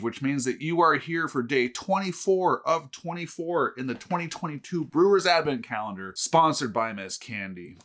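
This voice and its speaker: A man hosting a casual beer review vlog who tells jokes in a deadpan way and swears freely. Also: mid-range voice. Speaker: host.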